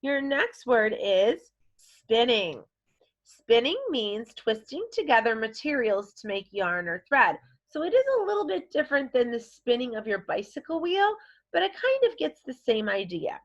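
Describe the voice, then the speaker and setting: A woman teaching a vocabulary lesson to young children, talking slowly with a bright, rising and falling lilt. She encourages her class warmly and keeps things playful. The recording sounds dull and lo-fi. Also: fairly high pitch, big pitch swings. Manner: encouraging, models words in playful voices. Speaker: elementary school teacher.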